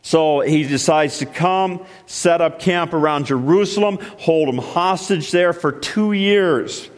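Male pastor, fairly high voice, emphatic stop-start sermon delivery, church hall with a long echo. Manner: emphatic preaching with many repeated starts, dropping low and slow for weight. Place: church sanctuary. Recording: long reverb of a large hall.

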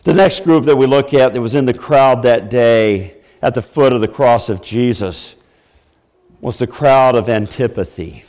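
A man's voice: medium pitch, measured pace, darkish tone, in a large hall. A man preaching a sermon as pastor, breaking into mock wailing when he acts out the crowd. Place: church.

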